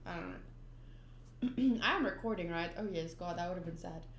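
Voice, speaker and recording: A young woman runs a manga readthrough channel, talking casually with frequent ums and giggly asides. She has a lowish voice and a moderate pace, recorded with a roomy echo.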